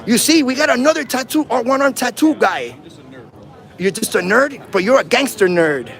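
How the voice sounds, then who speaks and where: His pitch is extremely high, gravelly and fairly bright, with an animated delivery at a moderate pace and soft music in the background. He's a first amendment auditor livestreaming a street confrontation with police, filming outdoors in a city on a handheld phone and taunting them in provocative slang.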